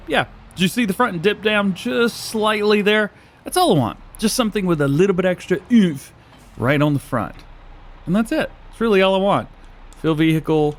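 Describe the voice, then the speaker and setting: Animated chatty man narrating his gameplay. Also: a little high. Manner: chatty, self-joking, laughs often. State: a little out of breath, early morning. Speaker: gaming YouTuber. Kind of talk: casual let's-play commentary.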